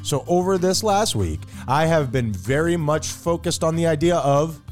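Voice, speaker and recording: Joking podcast guy, highish voice all over the place, crude humor, faint music behind. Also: normal speed. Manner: joking, crude, animated storytelling. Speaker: podcast co-host. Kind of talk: casual comedic chat.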